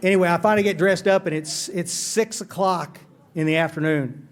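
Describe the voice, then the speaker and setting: High-voiced man telling a recovery story. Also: brisk. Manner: earnest, self-deprecating storyteller with frequent restarts. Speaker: AA speaker. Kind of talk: recovery meeting talk, storytelling. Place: conference hall.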